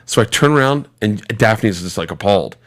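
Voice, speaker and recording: A man in his forties, a podcast guest, tells a rapid, swear-filled anecdote in casual conversation. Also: lowish voice. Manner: animated, profane, rapid-fire storytelling.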